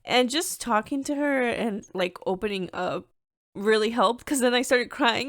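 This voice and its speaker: A woman's voice: on the high side, a little slow, no room sound. Chatty young woman, close and dry. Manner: chatty, candid and animated, with many "like" fillers. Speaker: podcast host. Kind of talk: casual personal podcast monologue.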